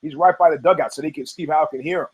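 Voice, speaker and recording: A man tells a story on his podcast in a loose, profane way. He acts out the people in it with lively voices. His voice sits a little higher than most men's. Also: quick pace, breathy edge, poor audio. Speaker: podcast host. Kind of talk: casual storytelling.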